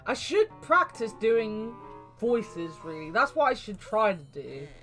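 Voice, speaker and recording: Rambling woman streamer. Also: mid-range voice. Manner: rambling, animated storytelling. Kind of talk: casual game stream chat.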